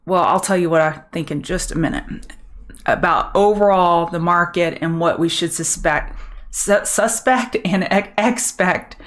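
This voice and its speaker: A woman's voice: fairly low pitch, measured pace, fairly bright tone. A middle-aged woman from Louisiana with a Southern accent, hosting a live market commentary stream in a chatty, upbeat way and answering viewers by name. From Louisiana, USA. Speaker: trading show host.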